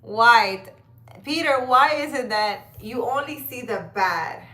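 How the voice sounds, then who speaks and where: Woman, livestream tarot reader, casual chat, outdoor park at night, phone mic, slow delivery, bright tone, laughs often. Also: sits high, expressive. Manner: chatty, laughs often, addresses viewers by name. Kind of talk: casual live chat reading viewer comments.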